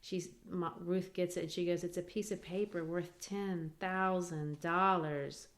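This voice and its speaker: A woman's voice: fairly low pitch, flat delivery, unhurried, hardly any pauses. A woman co-hosting a podcast, talking through a play in a thoughtful, casual way and reading quotes aloud. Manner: thoughtful, reads quotes aloud with small voice changes. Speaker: podcast co-host. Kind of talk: casual literature discussion.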